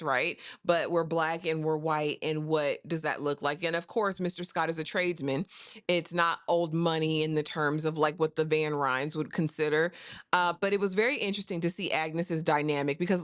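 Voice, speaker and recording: A woman's voice: lowish voice, a bit bright, dry recording, clean studio sound. A woman giving a casual recap of a TV episode, chatty and sassy, with asides like "honey" and "girl". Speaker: TV recap host.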